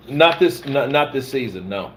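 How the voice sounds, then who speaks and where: A man's voice: medium pitch, expressive, takes it slowly, a little hiss or hum. A man from the American South, a stunt performer, chatting casually and telling profane, rambling stories. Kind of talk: casual chat.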